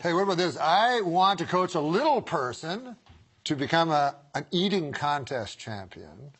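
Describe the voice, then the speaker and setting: A man hosting a talk show, teasing his guests and setting up jokes with deadpan delivery and giggles. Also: on the high side, moderate pace. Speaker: host. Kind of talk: casual talk show banter.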